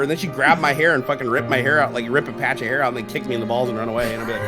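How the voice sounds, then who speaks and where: A man's voice: medium pitch, lively intonation, fast, hardly any pauses, music in the background. A middle-aged man on a casual livestream, telling stories in a loose, profane way and laughing often. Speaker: streamer co-host.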